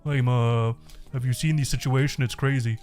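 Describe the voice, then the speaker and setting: A man doing an impression of a monotone male online commentator, in a flat, droning voice. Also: medium pitch, moderate pace, natural voice. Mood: deadpan.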